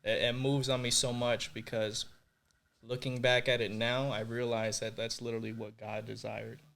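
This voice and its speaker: A young man tells his faith testimony on a podcast, earnest and openly emotional. He leans on filler words as he goes, speaking at an average pitch. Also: level tone, normal speed, vocal fry, fairly bright tone. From Puerto Rico. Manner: earnest, emotional, many fillers like "like" and "you know". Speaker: podcast guest.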